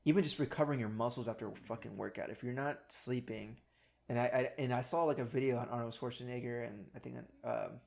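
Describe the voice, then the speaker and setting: A man's voice: mid-range voice, fairly even intonation, quick pace, creaky, darkish tone. Man in a casual podcast chat. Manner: earnest, swearing, rambling. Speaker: podcast co-host.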